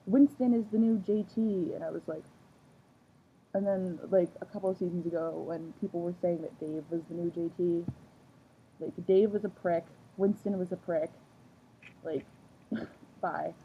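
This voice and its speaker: A woman's voice: on the low side, fairly even intonation, a little slow, pauses often. Young woman in a fired-up, cursing rant. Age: young adult. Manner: swears often, heavy "like" filler, fired up. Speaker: vlogger. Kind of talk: angry rant to camera. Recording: dull lo-fi audio, faint hiss.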